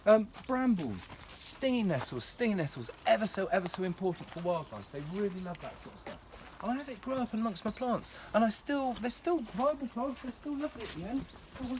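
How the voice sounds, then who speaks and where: A man's voice: high voice, a little mellow, slight background noise. A man giving a passionate, emotional walking tour of his plant nursery, talking to camera outdoors.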